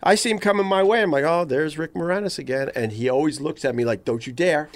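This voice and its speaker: A man's voice: fairly high pitch, quick pace, dry recording. A man hosting a casual interview, reacting eagerly and trading neighborhood anecdotes on a studio mic. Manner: chatty, enthusiastic reactions, anecdotal. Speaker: host. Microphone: studio mic with headphones.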